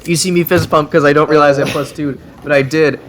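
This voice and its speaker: A man's voice: fairly high pitch, fairly even intonation, fairly quick, a crowd in the background. A young man giving casual voice-over commentary, chatty and self-deprecating, often laughing at himself. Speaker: vlogger.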